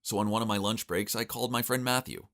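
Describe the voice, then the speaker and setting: A young man giving wry, exasperated first-person narration of an animated story. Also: on the low side, fast. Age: young adult.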